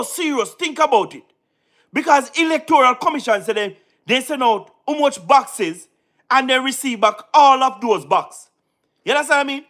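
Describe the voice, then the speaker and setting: A man's voice: extremely high pitch, fairly bright tone. A man with a Jamaican accent giving casual commentary, mocking and laughing often as he repeats his phrases. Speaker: online political commentator.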